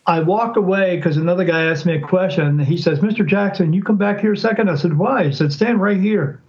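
A psychic appearing as a podcast guest tells a story in a casual interview, his high-pitched voice brisk. Animated, he acts out other people's words by shifting his voice, and the recording sounds muffled.

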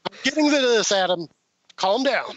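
A man's voice: high voice, expressive, normal speed, a bit bright, slight background noise. A man casually telling a long anecdote on a podcast, acting out the quoted voices and laughing between lines. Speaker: podcast guest telling a story. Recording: dull lo-fi sound.

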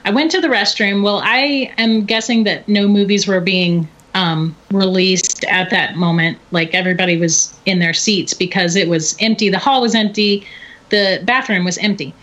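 A middle-aged woman telling a story in casual chat, animated and often laughing. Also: mid-range voice, normal speed. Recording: dull lo-fi recording.

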